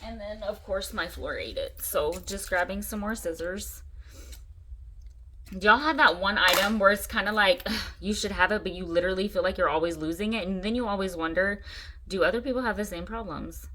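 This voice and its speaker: A woman hosting a casual crafting tutorial, chatty and excitable, gushing over her supplies. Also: medium pitch, normal speed. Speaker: craft channel host.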